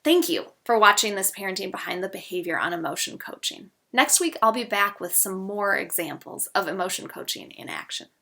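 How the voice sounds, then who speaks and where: A middle-aged woman, a parenting educator, giving a gentle instructional talk and acting out what a parent might say to a child. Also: medium pitch, expressive, brisk, gravelly, few pauses.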